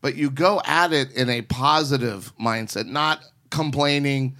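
A man's voice: mid-range voice, a little slow, pushed and bright. Teasing male podcast host giving advice. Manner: teasing, preachy. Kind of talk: relationship advice talk.

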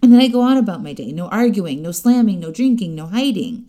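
A middle-aged woman life coach speaks briskly and expressively in a warm, medium-pitched voice. Her podcast-style coaching is chatty and direct, punctuated by frequent laughter.

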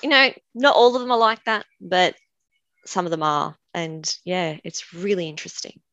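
A woman's voice: on the low side, moderate pace, a bit bright, dry recording, lo-fi sound. A woman with an Australian accent, a guest animal communicator who tells chatty stories and laughs often. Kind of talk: casual conversation.

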